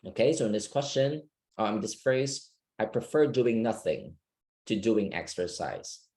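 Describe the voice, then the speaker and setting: A man's voice: lowish voice, animated, unhurried, darkish tone. A man teaching an online English speaking class, patient and checking that students understand.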